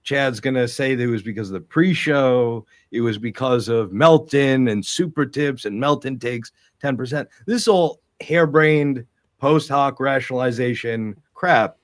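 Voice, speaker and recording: A man co-hosting a casual commentary podcast, measured and a little dismissive. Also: medium pitch, no room sound, studio quality.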